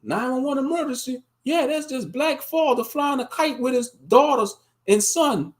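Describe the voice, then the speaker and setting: A man's voice: extremely high pitch, lively intonation, normal speed, voice pushed up. A man putting on the voice of a petty woman phoning the police to complain. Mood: whiny complaining. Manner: whiny, complaining.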